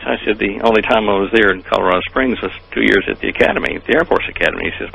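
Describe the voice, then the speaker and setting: Low gravelly-voiced American man, halting. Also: bright, forceful tone, no echo, low-quality recording. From United States. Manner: halting, many pauses and fillers. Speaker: interview guest. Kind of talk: casual recounting of personal story.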